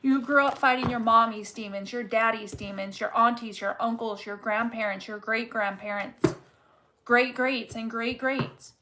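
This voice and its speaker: A woman with a slightly high voice reading tarot cards in a casual, off-the-cuff way. She is blunt and swears freely, talking straight to the viewer. She drives her points home by repeating them. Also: fairly even intonation, normal speed, noisy background. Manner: candid and profane, talks straight to the viewer; emphatic and repetitive when making a point. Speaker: tarot reader.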